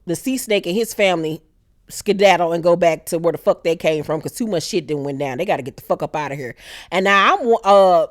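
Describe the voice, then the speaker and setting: Animated woman recapping a TV show. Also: medium pitch, dry recording, clean studio sound. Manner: animated, acts out characters in exaggerated voices. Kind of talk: casual profane TV recap.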